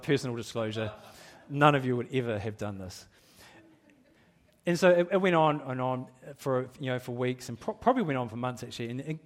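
Candid, chuckling man preaching a sermon. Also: mid-range voice. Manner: candid, self-deprecating, laughs often, many restarts. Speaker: pastor.

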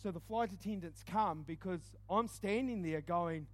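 A man delivers a lively storytelling sermon. His voice sits high for a man. He booms one moment and goes quiet the next. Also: moderate pace. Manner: animated, swings from loud exclaims to hushed asides. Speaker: preacher.

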